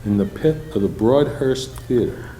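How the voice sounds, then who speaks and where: An older man, a former trumpet student, calmly and appreciatively recalling his lessons. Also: medium pitch, normal speed, poor audio. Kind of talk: recollection.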